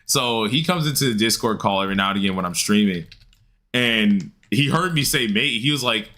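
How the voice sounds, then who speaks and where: A man's voice: fairly low pitch, lively intonation, a little fast, bright, forceful tone. A man streaming a game, chatting casually with his chat in a laid-back, slangy way and laughing often. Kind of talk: casual livestream chat while gaming.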